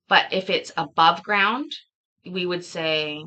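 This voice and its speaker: Canadian woman, streamer host, slow unhurried delivery, playful and laughing. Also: lowish voice, lively intonation, sharp tone, lo-fi sound. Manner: laughing, playful, mock-arguing about pronunciation. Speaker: livestream host. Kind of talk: casual chat with live viewers.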